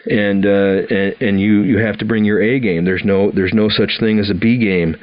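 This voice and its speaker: A man's voice: fairly low pitch, normal speed. A man in his sixties from Wisconsin, telling his own story on a podcast, acting out the dialogue and often restarting his sentences. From Wisconsin, USA. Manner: animated storyteller, acts out dialogue, frequent restarts. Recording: dull lo-fi audio.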